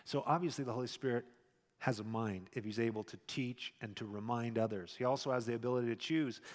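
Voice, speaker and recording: Male pastor, conversational sermon, swings loud then soft, mid-pitched voice, long hall echo. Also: fairly even intonation, quick pace. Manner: conversational preaching, shifts between loud emphasis and quiet asides.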